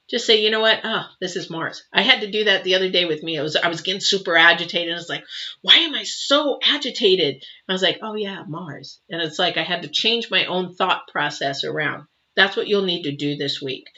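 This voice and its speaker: A woman's voice: medium pitch, pushed and bright. A woman giving a live tarot reading and answering viewers, emotive and chatty with many fillers and restarts. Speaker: tarot reader. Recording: dull lo-fi sound.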